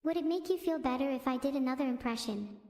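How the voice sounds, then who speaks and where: A woman's synthetic text-to-speech voice hosting a stream, chirpy and self-centred with deadpan quips. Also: sits high, fast. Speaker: AI streamer host. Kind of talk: stand-up style stream chat. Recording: roomy echo with long reverb.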